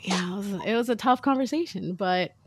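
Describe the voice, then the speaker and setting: A woman's voice: medium pitch, fairly quick, no room sound. A woman in her thirties, a mother and co-host, chatting casually and acting out quoted lines as she tells a story.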